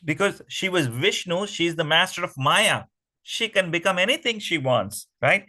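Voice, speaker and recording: Bright, lively male storyteller for kids. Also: sits high, normal speed, rough recording. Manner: animated, questions the kids often. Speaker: children's class teacher. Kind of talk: storytelling to children.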